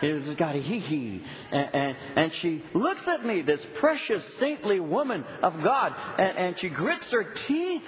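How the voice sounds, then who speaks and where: A middle-aged male pastor preaching a sermon, telling a story with lots of repeated "and"s and lively retelling. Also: sits high, a little slow, hardly any pauses. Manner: storytelling, animated, with many repeated "and"s. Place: church sanctuary. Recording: long reverb of a church hall.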